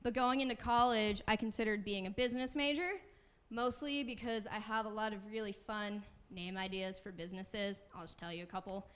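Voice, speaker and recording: A woman's voice: mid-range voice, steady tone, a little fast, a bit bright, clear, resonant tone. A woman in her twenties, a college student doing stand-up, chatty and self-deprecating with lots of fillers. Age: 20s. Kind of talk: stand-up comedy and interview.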